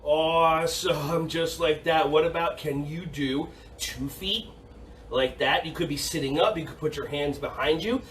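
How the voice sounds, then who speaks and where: A man leading a kids' yoga and karate class, cheerful and encouraging, repeating his praise and sometimes bursting into shouts. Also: on the high side, unhurried, far from the mic, slight background noise. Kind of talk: upbeat kids' class instruction. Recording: echoey room, voice off-mic.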